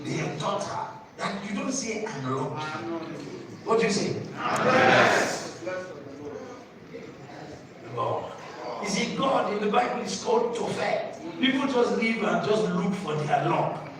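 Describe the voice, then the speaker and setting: Pastor preaching in an echoey hall. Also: male voice, sits high, sing-song, normal speed, crowd noise. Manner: preaching with sudden shouted bursts and call-and-response questions. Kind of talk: sermon. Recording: echoey hall from far off with noise.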